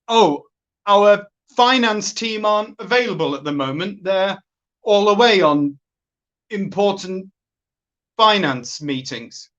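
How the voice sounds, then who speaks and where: A woman's voice: mid-range voice, a bit bright, highs cut off, lightly acted. A woman playing a boastful, sleazy office boss. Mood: flirty. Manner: boastful and flirtatious. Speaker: sketch performer. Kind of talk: comic monologue on a phone call.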